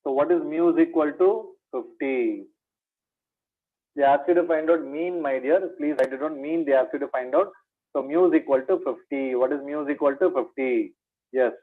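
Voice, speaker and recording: This maths teacher, a man with an Indian English accent, speaks at a moderate pace in a somewhat high voice. He's giving an exam revision lecture, answering his own questions and calling his students "my dear." The audio sounds thin and phone-like, typical of an online class.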